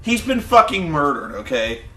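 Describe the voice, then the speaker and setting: Casual podcast co-host, male, high and bright, animated storyteller who acts out scenes, roomy echo. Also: normal speed. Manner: animated storytelling, acting out wrestlers with shouted impressions. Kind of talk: casual profane chat.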